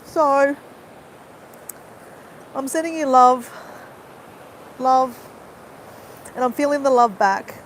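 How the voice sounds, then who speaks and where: Teary lady vlogging live outside, kinda high voice, rambly and upset. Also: takes it slowly, pauses often, a little hiss or hum, low-quality recording. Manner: rambling, many fillers like "you know". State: tearful, crying. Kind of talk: emotional live-stream monologue. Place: outdoors on a walk.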